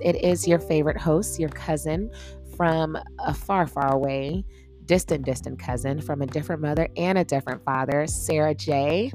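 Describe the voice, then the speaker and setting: A woman's voice: deep voice, moderate pace, darkish tone, soft background music. A woman hosting her own podcast, telling a story time in a chatty, joking way and often asking the listener to guess what happened. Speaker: podcast host.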